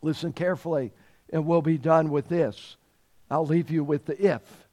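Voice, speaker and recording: A man's voice: a little high, steady tone, moderate pace, dark tone. A man preaching a sermon, repeating key phrases for emphasis and reading scripture aloud in old-fashioned wording. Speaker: pastor.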